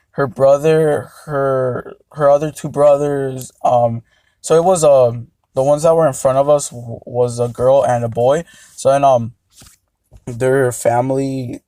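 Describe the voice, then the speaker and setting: A man's voice: mid-range voice, mellow, no room sound. A young man telling a casual storytime, rambling and hesitant with many fillers. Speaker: vlogger.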